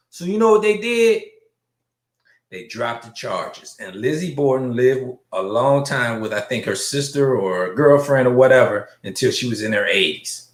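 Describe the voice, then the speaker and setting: A man's voice: medium pitch, animated, measured pace, fairly bright tone, echoey room. A middle-aged man hosting his own show in a blunt, profane livestream commentary, greeting viewers by name. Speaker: show host.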